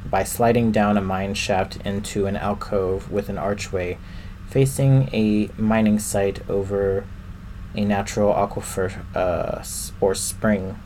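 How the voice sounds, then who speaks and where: A man's voice: on the low side, steady tone, measured pace, a little mellow, slight background noise. A man co-hosting a podcast, steadily reading out a video game walkthrough with small fillers. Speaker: podcast co-host.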